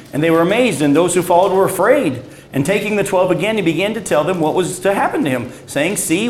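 A man preaching a sermon and reading scripture aloud, swinging between loud emphatic peaks and low, quiet stresses. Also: echoey room, slight background noise, rough recording. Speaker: pastor.

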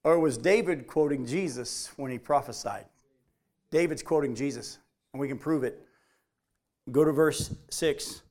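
A man preaching a sermon, reading scripture aloud and driving points home with animated emphasis. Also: fairly high pitch, unhurried, pauses often. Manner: animated preaching, voice rising on quotes. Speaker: pastor.

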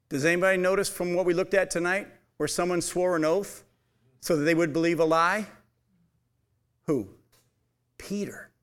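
A man's voice: sits high, a bit bright. A man preaching a sermon, reading Bible passages aloud and putting emphatic questions to his listeners. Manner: emphatic, asks the audience questions.

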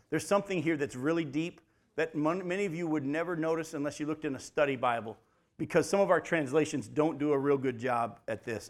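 Male preacher, a little higher-pitched than most, casual and chatty, keeps asking listeners questions. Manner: lively, asks the listeners rhetorical questions; conversational, addresses listeners as folks. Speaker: preacher and Bible teacher. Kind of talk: sermon, verse-by-verse Bible teaching.

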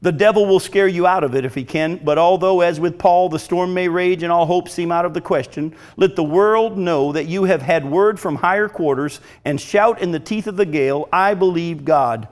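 A middle-aged male preacher delivering a sermon in a fairly high-pitched voice. He speaks earnestly and with emphasis, pressing each point home as he reads from a devotional text. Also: normal speed, few pauses.

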